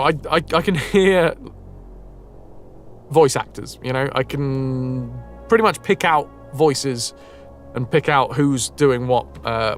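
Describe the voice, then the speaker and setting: A man streaming a video game, chatting casually with his viewers, reading their messages aloud and swearing freely. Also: medium pitch. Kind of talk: casual live-stream chat.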